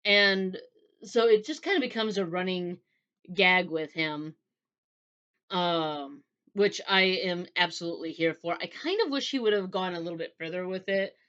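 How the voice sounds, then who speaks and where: A woman's voice: on the low side, normal speed, a bit bright, smooth, muffled recording. A woman who reviews books, chatting in a rambling, casual way and acting out characters' dialogue. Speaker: book reviewer. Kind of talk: casual book review chat.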